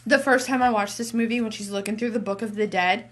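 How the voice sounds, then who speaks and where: A woman's voice: mid-range voice, fast talker. A woman co-hosting a podcast, chatting casually about movies and acting out conversations with her husband. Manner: animated storyteller acting out conversations. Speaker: podcast co-host.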